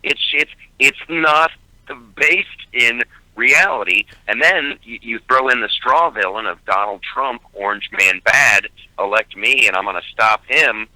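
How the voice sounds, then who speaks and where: A man's voice: mid-range voice, measured pace, sharp tone, dry recording, low-quality recording. A male comedian talking animatedly by phone as a radio guest, with frequent stammered restarts. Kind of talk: casual radio interview. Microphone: phone call.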